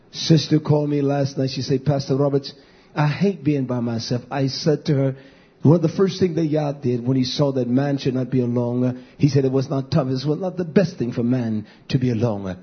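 Husky male pastor, fiery sermon, high-ish voice, dull recording. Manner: preaching with big swings between shouting and low murmurs.

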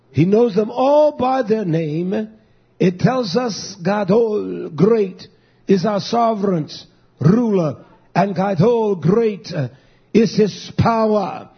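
Gravelly, high-voiced preacher exhorting the congregation. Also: male voice, dull audio. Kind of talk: sermon.

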